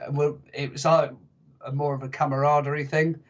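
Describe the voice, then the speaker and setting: A man's voice: on the high side, flat delivery, brisk, muffled recording. A young man telling stories as a podcast guest, chatty and self-mocking. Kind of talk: casual podcast chat.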